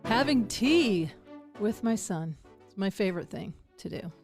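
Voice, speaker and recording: A woman's voice: mid-range voice, lively intonation, unhurried, over music. An older woman hosting a comedy podcast at home, chatting casually and laughing often. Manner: laughs often, self-deprecating.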